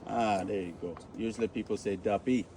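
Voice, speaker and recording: A man with a Caymanian accent guiding an outdoor cave tour, joking, lively and full of local slang. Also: mid-range voice, moderate pace, recorded from a distance, a crowd in the background. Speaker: tour guide. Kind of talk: guided tour talk.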